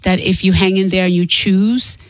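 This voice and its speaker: A woman's voice: mid-range voice, steady tone, moderate pace, dry recording, poor audio. Middle-aged woman, frank and sincere interview guest, close dry sound. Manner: candid, earnest, laughs easily. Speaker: guest author and singer. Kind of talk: casual interview talk.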